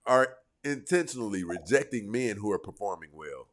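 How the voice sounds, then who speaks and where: A man with a very deep, low voice lectures his viewers on dating. He is blunt and emphatic, and he scolds and presses his points hard. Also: expressive, moderate pace, fairly bright tone, slight background noise. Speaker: dating coach. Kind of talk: direct-to-camera advice monologue.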